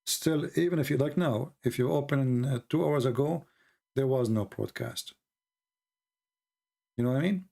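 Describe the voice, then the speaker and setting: A man hosting a casual livestream, rambling and animated, often mocking people in put-on voices. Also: medium pitch, moderate pace, vocal fry, pauses often. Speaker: livestream host.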